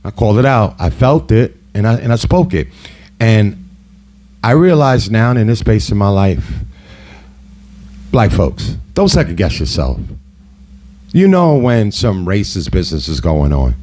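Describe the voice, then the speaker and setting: A middle-aged man speaks in a low, mellow voice as he tells a personal story. His delivery is casual and heated, with frequent conversational asides. He sounds like the host of his own talk show. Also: very animated, measured pace, long pauses. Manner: heated, conversational, full of "you know" asides.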